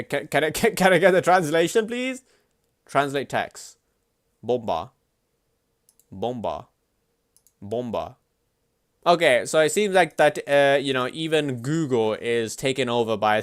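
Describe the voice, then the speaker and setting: A man streaming live at his computer, chatting casually in an excitable, slangy, swear-heavy way. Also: medium pitch, no room sound.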